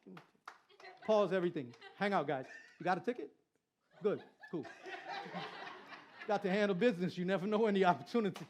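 Animated high-voiced male preacher. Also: a little fast, pauses often, slight background noise. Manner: animated preaching with repetition and crowd banter. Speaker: pastor and Christian rapper. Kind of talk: sermon.

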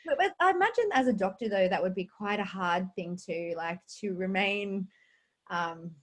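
Woman podcast host asking gentle questions. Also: medium pitch, expressive, moderate pace. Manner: supportive, hesitant questions with fillers. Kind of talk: casual interview.

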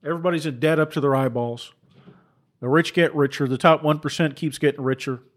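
A man's voice: fairly high pitch, fairly even intonation, brisk. A man preaching with heated, repetitive rhetoric and rhetorical questions, often stumbling into restarts. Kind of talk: impassioned preaching commentary.

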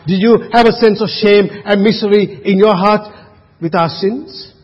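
A high, husky male voice preaching, throwing out rhetorical questions and sinking to a near-hush on key words. The sound is dull and lo-fi, with long reverb from a church hall. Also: steady tone, measured pace. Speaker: pastor. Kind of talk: sermon.

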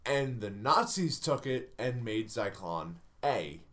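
Guy joking around on a podcast, slow drawl, pitch jumping all over. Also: big pitch swings, a bit bright. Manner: crude joking, mock impressions. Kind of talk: casual podcast banter.

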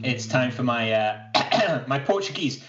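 A man's voice: medium pitch, lively intonation, takes it slowly, over loud music. Self-deprecating British man, lo-fi. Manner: self-deprecating, rambling with restarts. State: keeps clearing his throat. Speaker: podcast co-host. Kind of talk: casual chat. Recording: slightly dull lo-fi sound.

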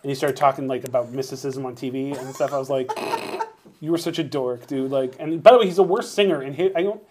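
A man co-hosting a wrestling talk podcast, chatting casually, animated and swearing often. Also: medium pitch, brisk, noisy background. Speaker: podcast co-host. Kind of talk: casual chat.

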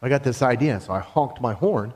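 A man preaching a sermon, talking in an animated, conversational storytelling way with laughs. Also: mid-range voice, a little fast, slightly rough.

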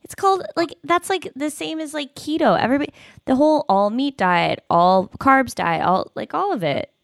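A woman's voice: high-pitched, lively intonation, moderate pace, vocal fry, no echo, clean studio sound. A woman hosting a casual chat, blunt and teasing, who swears casually.

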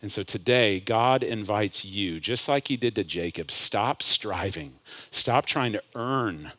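A male pastor preaching a sermon, climbing to loud impassioned peaks and dropping to hushed lines. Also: on the low side, unhurried. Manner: builds to loud impassioned peaks, then drops to hushed asides.

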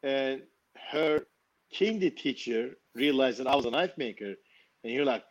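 A knife maker co-hosting a casual livestream, joking crudely and animatedly. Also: male voice, mid-range voice, animated, normal speed. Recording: dull lo-fi sound.

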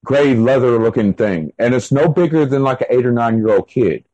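A man's voice: mid-range voice, a little fast, dark tone, no room sound, low-quality recording. A man being interviewed, telling a long story in a casual, rambling way full of fillers and restarts. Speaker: interview guest.

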